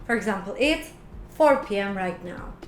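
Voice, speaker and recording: A woman English teacher explaining quiz answers in slow, careful steps. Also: medium pitch, lively intonation. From Turkey. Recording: echoey room with faint noise.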